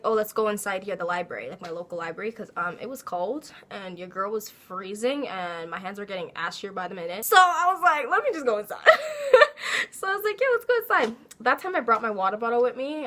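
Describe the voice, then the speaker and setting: A young woman telling a casual storytime, animated and laughing as she acts out her own quotes. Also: medium pitch, fast, hardly any pauses. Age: young adult. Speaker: vlogger.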